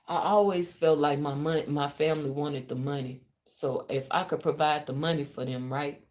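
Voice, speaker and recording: A woman from Louisiana with a Louisiana accent, venting on a livestream from a hotel room, profane and swinging between muttering and loud outbursts. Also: low-pitched, fairly even intonation, moderate pace, few pauses. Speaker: livestreamer and spiritual reader. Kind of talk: ranting livestream.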